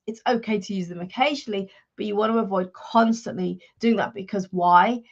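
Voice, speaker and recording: Woman coach giving steady advice. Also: mid-range voice, fairly quick, dull audio. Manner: calm, instructive advice giving. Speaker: career coach. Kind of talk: live-streamed coaching talk.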